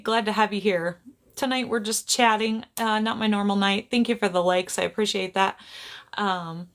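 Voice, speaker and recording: With a mid-range voice, a woman who works as a psychic medium chats loosely on a livestream, addressing a tripod-mounted camera. Frequent laughter, constant apologies and easy distraction mark her talk.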